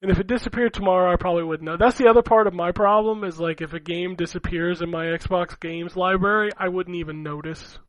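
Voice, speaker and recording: A man's voice: high-pitched, quick pace, hardly any pauses, no echo, dull audio. A man co-hosting a gaming podcast, rambling and laughing as he swears his way through casual chat. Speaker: podcast co-host.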